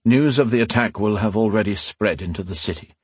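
A man voicing a powerful, weary old male ruler who speaks in a grave, measured way and sometimes growls. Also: lowish voice, slightly rough, dry recording.

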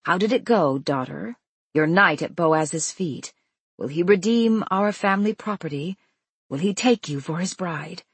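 A woman's voice: sits low, unhurried, creaky, husky, no room sound, heavily acted. A woman voicing an elderly, shrewd mother-in-law who speaks eagerly and teases with a cackle.

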